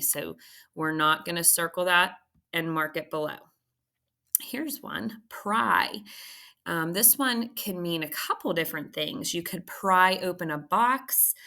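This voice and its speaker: Slow, bright-voiced woman teaching phonics. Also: lowish voice. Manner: patient, checks in with frequent "okay?". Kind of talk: recorded phonics lesson.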